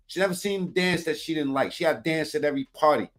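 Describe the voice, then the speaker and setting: A man's voice: fairly high pitch, fast talker, fairly bright tone. A man giving blunt, profane, rambling commentary as he reacts to video clips. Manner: blunt, heavy swearing, rambling street talk.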